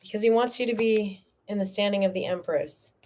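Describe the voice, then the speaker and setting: A woman giving a live tarot reading, chatty and animated, often checking in with "okay?" and "all right?", and tearful at times. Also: medium pitch, fairly quick, slight background noise. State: tearful, emotional. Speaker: tarot reader.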